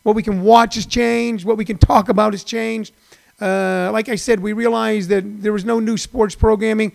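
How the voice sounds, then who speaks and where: A man's voice: sits high, fairly even intonation, normal speed, gravelly. A man in his sixties, a comedian hosting his own daily online show, rambling and repeating himself with lots of fillers, in a folksy, encouraging way. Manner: rambling and repetitive, with many fillers. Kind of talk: rambling livestream monologue.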